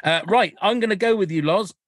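A man's voice: high voice, fairly quick, no echo, studio quality. A man hosting a casual chat, joking and laughing often, with frequent restarts. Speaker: podcast host.

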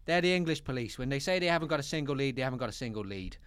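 A man's voice: mid-range voice, lively intonation, rapid-fire, a bit bright, clean tone, natural voice. A man voicing an impatient, grumpy male hitman in a comic script read-through. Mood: grumbling. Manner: blunt, exasperated line reading.

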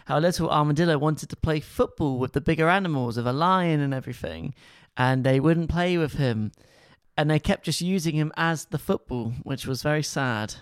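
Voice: mid-range voice, normal speed, smooth, dry recording, clean studio sound. A co-host on a casual podcast, summarising a children's episode with enthusiasm. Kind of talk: casual chat reviewing a kids' show.

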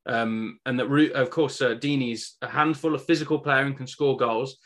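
Man, young adult, podcast co-host, chatty, hesitant, bright voice. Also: medium pitch, fairly even intonation, moderate pace. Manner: chatty, hesitant, laughs easily. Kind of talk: casual fan podcast chat.

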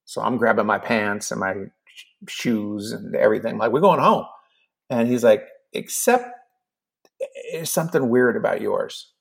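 A man in his fifties tells a long personal story in a relaxed, chatty way. His voice is gravelly and a bit husky, and he slips into the lines of the other people in the story as he goes. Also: fairly low pitch. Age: 50s. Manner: animated storyteller acting out both sides of a conversation. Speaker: guest. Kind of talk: casual storytelling.

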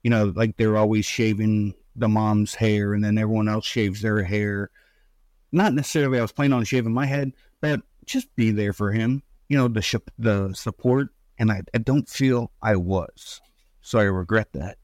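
A man's voice: on the low side, steady tone, moderate pace, darkish tone, dry recording. A middle-aged man telling a painful family story in an interview, rambling with restarts and fillers while holding back tears. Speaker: guest, bereaved father. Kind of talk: emotional personal storytelling in an interview.

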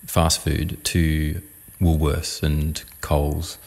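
Deep-voiced man, casual chat. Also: level tone, vocal fry, a little mellow. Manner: talks in quick bursts with restarts.

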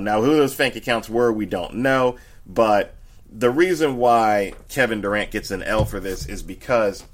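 Lowish guy hosting sports talk, kinda rambly, keeps restarting and talking to the listeners. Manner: rambling, with frequent restarts and direct address to listeners. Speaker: podcast host.

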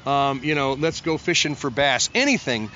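A man's voice: mid-range voice, expressive, normal speed, muffled recording, noisy background. A man, a musician, telling long stories in a casual interview, full of restarts and acted-out quotes. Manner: rambling, self-interrupting, acts out quotes in a raised voice. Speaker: musician guest.

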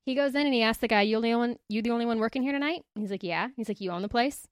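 A woman's voice: a little high, very fast, clear, resonant tone, no echo, studio quality. A woman co-hosting a casual podcast, animatedly retelling a book plot and acting out the quoted lines. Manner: animated storyteller, acts out quotes. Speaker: podcast co-host presenting a book. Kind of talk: casual chat, retelling a story.

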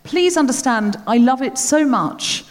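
A woman from Australia hosting a live comedy show, telling self-mocking stories with animated energy on a theatre stage. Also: sits high, a little slow. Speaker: podcast host. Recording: long theatre hall reverb.

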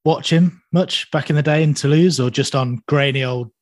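A man hosting the interview, asking direct, clear questions. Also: a little high, normal speed, no echo, clean studio sound. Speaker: podcast host.

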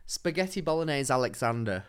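A man's voice: mid-range voice, lively intonation, fairly quick, smooth. A man co-hosting a podcast, arguing indignantly in casual banter and swearing often. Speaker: podcast co-host.

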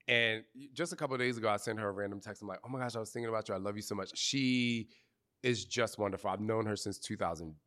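A man answering questions in front of a group, telling candid stories in animated, slangy speech with cursing and acted-out quotes. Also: on the low side. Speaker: fitness trainer interviewee. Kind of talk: candid storytelling Q&A before a live group. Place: outdoor retreat gathering.

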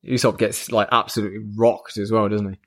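A man's voice: fairly low pitch, level tone, fairly quick, fairly bright tone. A man co-hosting a casual podcast chat, chiming in and jokingly quoting characters. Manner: interjects and jokingly quotes characters. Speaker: podcast co-host.

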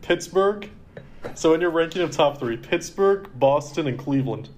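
A man's voice: fairly high pitch, lively intonation, moderate pace, darkish tone, slight background noise. A man co-hosting a podcast in casual chat, talking in a rambling, laid-back way. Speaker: podcast co-host.

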